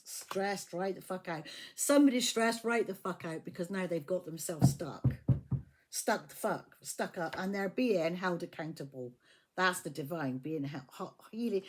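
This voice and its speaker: A woman's voice: fairly low pitch, normal speed, darkish tone, slightly rough. A woman giving a casual tarot reading, blunt and profane, often repeating her phrases. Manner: blunt, swears freely, repeats herself. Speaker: tarot reader.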